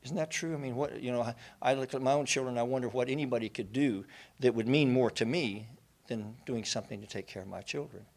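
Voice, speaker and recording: A man's voice: mid-range voice, fast. A man giving an inspirational faith talk, an earnest storyteller who builds to passionate lists. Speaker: speaker at a faith gathering.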